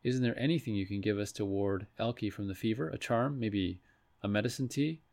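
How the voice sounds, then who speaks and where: A man reading anxious young twins in a storybook, speaking in a measured way. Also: lowish voice, vocal fry, darkish tone. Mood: pleading.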